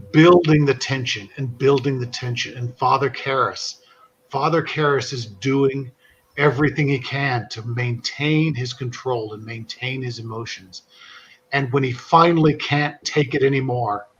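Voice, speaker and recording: A podcast host with a mid-range, slightly breathy voice tells a long, funny story in a relaxed chat, often laughing as he goes. The recording sounds muffled.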